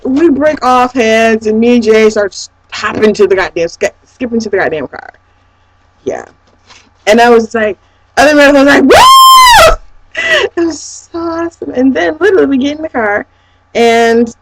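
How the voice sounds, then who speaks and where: A young woman vlogger excitedly telling a personal story, gushing and swearing freely. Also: on the high side, dry recording, poor audio. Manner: gushing, breathless, swears a lot.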